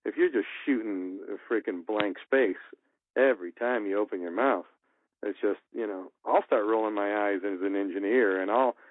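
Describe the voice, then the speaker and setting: Guy w a lowish voice, voice actor/engineer type, rambly casual advice, tinny phone-ish sound. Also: moderate pace. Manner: rambling, storytelling, with repeated restarts.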